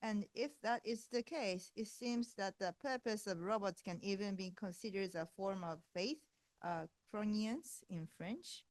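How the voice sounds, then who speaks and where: A woman's voice: mid-range voice, normal speed, few pauses, no echo. A woman moderating a lecture Q&A, politely reading out audience questions.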